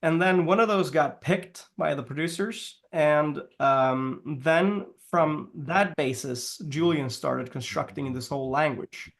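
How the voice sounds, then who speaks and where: Man, fairly high voice, casual interview, rambling, many fillers, laughs often. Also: slow pace, vocal fry, hardly any pauses. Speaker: guest, language consultant.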